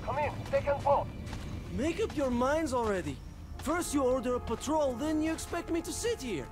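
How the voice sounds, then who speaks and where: An actor playing an irritated guard who yells for a missing comrade, in video game dialogue. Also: male voice, very high voice, lively intonation, moderate pace. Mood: exasperated. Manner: shouting, exasperated. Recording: distant game audio with music.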